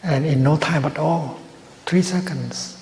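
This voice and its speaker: A man giving a Buddhist dharma talk at a retreat, speaking slowly and gently with measured pauses. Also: fairly high pitch. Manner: slow, gentle, measured phrasing with long pauses. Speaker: Buddhist teacher. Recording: roomy hall with long reverb and faint noise.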